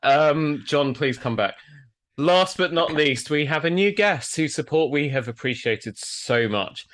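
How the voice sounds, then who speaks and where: A man hosting a casual podcast over a video call, chatty and quick to laugh, reading playful intros. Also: on the high side, expressive, a bit bright. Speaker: podcast host and tailor.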